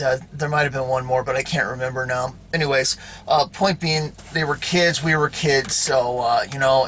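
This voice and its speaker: A man talks straight to his viewers in an unscripted, meandering storytelling style. He strings thoughts together with fillers and asides and keeps checking in with his audience. His voice sits at a middle pitch with a bright, forward tone. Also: slight background noise. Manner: rambling, full of fillers and tag questions. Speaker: video host. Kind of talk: casual storytelling monologue.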